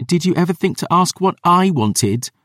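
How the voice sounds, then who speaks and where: A stubborn, sharp-tongued teenage girl, put on by a male narrator for an audiobook, her voice lifted well above his natural register. She snaps back with scornful, quick retorts and bristles at being told what to do. The recording is close and dry. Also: high-pitched, animated, no echo, voice pushed up. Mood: indignant. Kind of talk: audiobook character voice.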